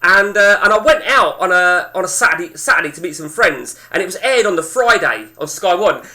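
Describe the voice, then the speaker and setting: Animated, sweary man spinning a yarn. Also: sits high, a little fast. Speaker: game streamer. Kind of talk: casual storytelling to chat.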